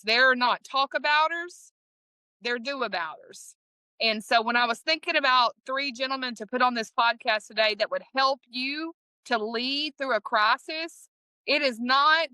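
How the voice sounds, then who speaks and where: A woman's voice: fairly high pitch, bright, forceful tone, dry recording, poor audio. A woman with an East Texas Southern accent hosting a podcast in a folksy, upbeat way, often restarting her sentences. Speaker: podcast host.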